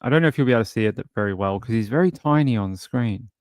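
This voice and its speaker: A man's voice: medium pitch, expressive, racing, noisy background. A man hosting a true crime live stream, reading news and viewer comments with blunt, mocking commentary. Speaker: true crime show host.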